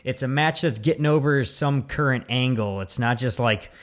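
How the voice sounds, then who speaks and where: A man with a mid-range voice co-hosts a casual podcast at a moderate pace. He rants profanely, swearing a lot as he chats.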